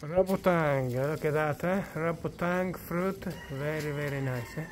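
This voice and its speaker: A man's voice: fairly high pitch, unhurried. A man giving an enthusiastic, casual vlog tour of his farm outdoors, often ending his sentences with "eh?". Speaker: vlogger showing his farm. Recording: outdoor farm noise behind. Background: chickens, roosters and birds.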